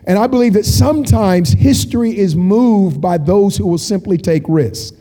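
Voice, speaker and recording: A man preaches with a high, very mellow voice, spinning stories with jokey asides. His words ring out with a long hall reverb behind them. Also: moderate pace. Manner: animated storytelling, jokey asides. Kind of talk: sermon.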